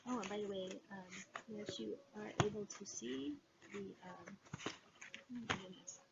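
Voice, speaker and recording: A woman chatting casually in a haul video, gushing with excitement and filling pauses with "um". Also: medium pitch, creaky. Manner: excitable, gushing, many fillers. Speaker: cross-stitch vlogger. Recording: dull lo-fi sound with background noise.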